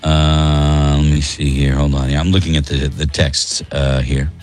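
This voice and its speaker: A man's voice: very deep voice, level tone, measured pace, darkish tone, faint music behind. A man hosting a radio morning show, chatting casually in a rambling way with joking asides.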